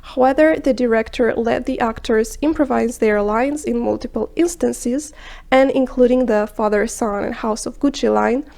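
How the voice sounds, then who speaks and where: A woman with a fairly high voice reads a film review from a script. She speaks in a measured, explanatory way and now and then drops into a hushed aside. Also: creaky. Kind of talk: scripted video narration.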